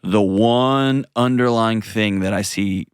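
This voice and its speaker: A man with a lowish voice hosts an advice call-in show, coaching a caller earnestly and gently. He often restarts sentences as he thinks aloud. The studio sound is dry and close. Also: takes it slowly, smooth, dry recording. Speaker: host.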